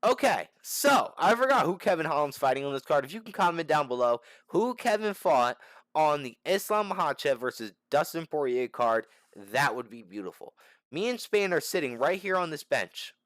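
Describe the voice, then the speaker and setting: A young man spins a story straight to the camera, his voice jumping all over the place as he gets worked up. He talks in loose slang with plenty of swearing and keeps restarting his sentences. His pitch sits a little high for a man, and the sound is close and dry. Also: moderate pace, dry recording. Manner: animated, slangy and profane, with frequent restarts. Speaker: channel host.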